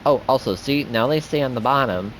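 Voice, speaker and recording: A man's voice: medium pitch, brisk, fairly bright tone, a little hiss or hum. A young man giving casual gameplay commentary as a streamer, chatty and rambling. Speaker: gaming streamer.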